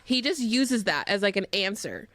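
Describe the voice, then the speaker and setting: A woman's voice: medium pitch, animated, normal speed, very noisy. A woman in her thirties co-hosting a podcast, telling stories with amused puzzlement. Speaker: podcast co-host. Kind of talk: casual chat.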